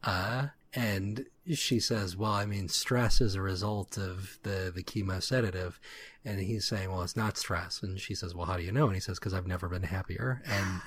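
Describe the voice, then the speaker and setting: A man's voice: deep voice, steady tone, normal speed, fairly bright tone, a little hiss or hum. A man co-hosting a casual comics podcast, recapping the plot in a wry, easygoing way. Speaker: podcast co-host.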